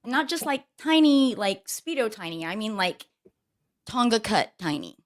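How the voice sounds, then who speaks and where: A woman co-hosting a casual talk show, telling stories in a brash, profane, animated way. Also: on the high side, unhurried. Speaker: co-host.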